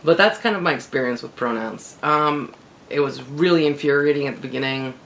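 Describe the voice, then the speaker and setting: A man with a gravelly voice, talking candidly in a casual reflective video blog and laughing easily. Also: on the high side, a little fast, fairly bright tone, a little hiss or hum, low-quality recording. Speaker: video blogger.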